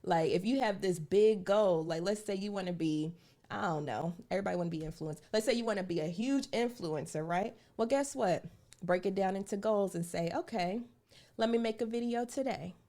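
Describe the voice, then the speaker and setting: A woman's voice: mid-range voice, a little fast, warm tone. A woman hosting a personal finance live stream, talking casually and earnestly to her viewers and repeating her points for emphasis. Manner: chatty, addresses viewers directly as "y'all". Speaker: personal finance show host.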